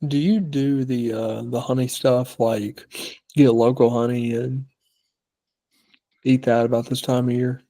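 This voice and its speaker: Mellow man asking short questions. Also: medium pitch, steady tone, unhurried. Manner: short questions and dry quips. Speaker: podcast co-host. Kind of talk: casual chat.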